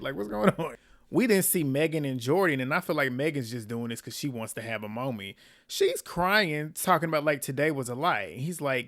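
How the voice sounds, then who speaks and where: A young man giving a casual, animated recap of a reality show, slangy with laughing asides. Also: medium pitch, creaky.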